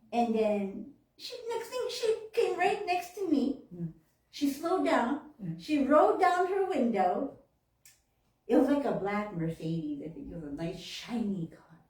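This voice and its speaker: A woman minister tells a story as her sermon, laughing often and acting out her own reactions. Her voice is high and swings widely in pitch. She is picked up from a little way off, in a roomy, echoing hall. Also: darkish tone. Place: temple hall. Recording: echoey room, mic at a distance.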